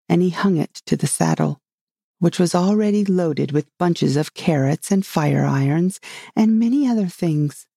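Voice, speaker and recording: An audiobook reader narrating a storybook calmly and evenly. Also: medium pitch, normal speed, gravelly, husky, no room sound, clean studio sound. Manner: calm, even storytelling.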